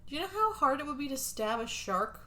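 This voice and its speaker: A young woman co-hosting a movie podcast, reacting with quick, incredulous questions. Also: high voice, big pitch swings, sharp tone. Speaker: podcast co-host. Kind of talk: casual movie chat.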